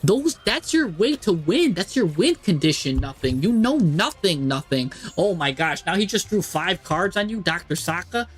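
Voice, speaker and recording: A man streaming live, commentating a card game match and talking to the players on screen in an exasperated, animated way. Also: high-pitched, moderate pace, few pauses, husky, faint music behind.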